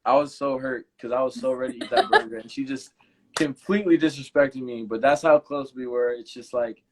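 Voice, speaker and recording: A man's voice: mid-range voice, lively intonation, fairly quick, a little hiss or hum. A young man hosting a casual live Q&A, telling stories in a laid-back way with plenty of filler words. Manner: laid-back storytelling, many "like" fillers, repeats himself. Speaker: channel host.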